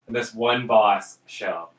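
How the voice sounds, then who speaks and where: A man co-hosting a casual family chat, telling animated stories with exaggerated asides. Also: on the low side, slow. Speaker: podcast co-host. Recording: roomy, distant mic.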